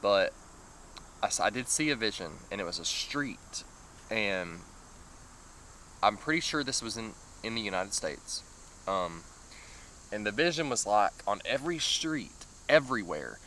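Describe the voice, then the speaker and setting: A man's voice: on the low side, very animated, a little slow, pauses often, sharp tone, a little hiss or hum. A man casually telling a long personal story, rambling with many fillers and nervous laughs. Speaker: vlogger.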